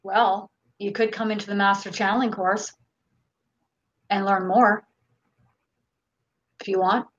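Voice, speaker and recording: A woman's voice: mid-range voice, flat delivery, a little slow, pauses often, muffled recording. A Canadian woman hosting a live channeling session, reading viewer questions aloud in a casual, unfiltered way. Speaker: host.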